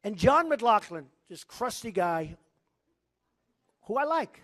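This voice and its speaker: A man's voice: high voice, big pitch swings, slow pace, a bit bright. Boastful man giving a rambling rally speech. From United States. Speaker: political candidate speaking at a rally. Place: large indoor rally venue.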